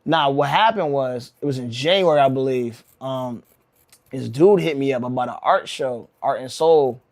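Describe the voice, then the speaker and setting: A man's voice: mid-range voice, normal speed, darkish tone, dry recording, clean studio sound. A young man from Connecticut telling a rambling, slangy story on his livestream, saying bro a lot and often restarting his sentences. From Connecticut, USA. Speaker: rug-making livestreamer.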